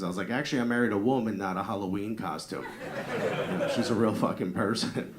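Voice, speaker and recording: On a comedy club stage, a stand-up comedian with a New York-area accent delivers a crude, conversational set, acting out snippets of dialogue. He talks fast in a voice on the low side, and the very noisy recording carries the live audience's laughter.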